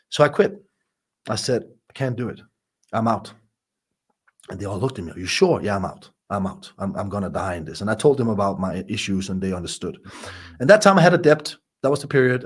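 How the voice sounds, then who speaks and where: Brief: male life coach as a podcast guest, raw and emotional, mid-pitched, swears a lot, stumbles and repeats words. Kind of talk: candid interview storytelling.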